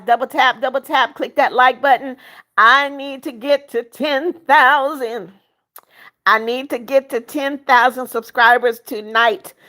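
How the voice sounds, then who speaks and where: A woman in her seventies hosting a livestream, reading viewers' comments aloud and greeting them by name. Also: fairly high pitch. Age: 70s. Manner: sings happy birthday softly. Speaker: livestream host. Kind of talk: casual live-chat reading.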